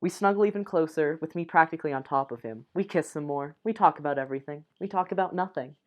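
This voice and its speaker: A young adult woman with a low-pitched voice reads a dating game's text and dialogue aloud, softly and fast, in a muffled recording. She keeps breaking off for giggly asides.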